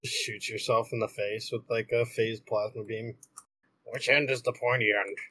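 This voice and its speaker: A man's voice: lowish voice, fairly even intonation, moderate pace, bright, forceful tone, breathy edge, no echo. A man playing a tabletop game, making wry, joking asides. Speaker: player. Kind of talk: casual tabletop game play.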